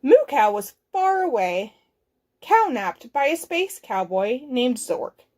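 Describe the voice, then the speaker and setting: Slow, high-voiced storytime reader. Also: female voice. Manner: expressive, clearly enunciated storytelling. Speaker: children's librarian. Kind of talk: reading a picture book aloud to children.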